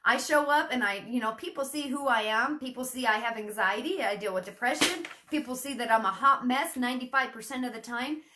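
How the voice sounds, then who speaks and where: A woman's voice: fairly high pitch, fairly quick, few pauses, bright, forceful tone, slight background noise. A woman coaching her sales team in a casual, chatty teaching talk, acting out sample messages in a perkier voice. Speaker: network marketing team coach.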